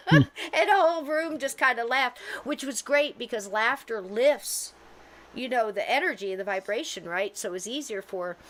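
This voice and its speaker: A middle-aged woman, a podcast co-host and medium, telling a story in a casual, earnest way and softly quoting her own gentle words. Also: mid-range voice, a little hiss or hum. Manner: earnest, soft-spoken retelling with gentle quoted asides.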